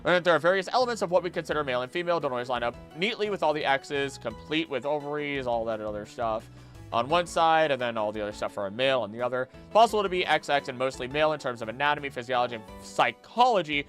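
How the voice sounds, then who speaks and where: A man streaming casually, skimming text aloud quickly with mumbled filler and breaking into loud, heated rants. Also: medium pitch, expressive, faint music behind. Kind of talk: casual live-stream chat, reading aloud.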